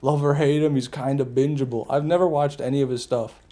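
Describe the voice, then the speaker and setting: A man with a mellow, mid-range voice talks briskly in a steady tone while streaming a video game live. He chats with viewers as he plays, joking casually and profanely and laughing at his own jokes.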